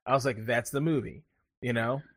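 Bright-voiced joking man, dry sound. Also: medium pitch, brisk, breathy edge, no room sound. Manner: jokey, rambling storyteller. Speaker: podcast co-host. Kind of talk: casual chat.

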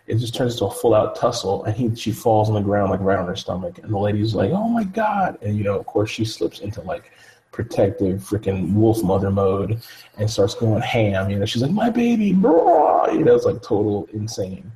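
A man talks through a story in loose, casual chat. His voice sits a bit low and sounds mellow and relaxed. He rambles, fills gaps with "like" and "you know", and acts out the people he quotes. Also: brisk, rough recording.

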